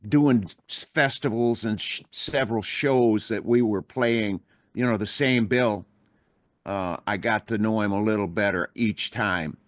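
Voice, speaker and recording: An older rock musician telling a long backstage story in a relaxed, rambling way, with plenty of swearing. He jumps into higher or lower voices when quoting others. His voice sits in a middle pitch and is recorded close and dry, with no room sound. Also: no echo. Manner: rambling anecdotal, salty language, acts out quoted voices. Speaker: podcast guest, rock musician. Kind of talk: casual storytelling.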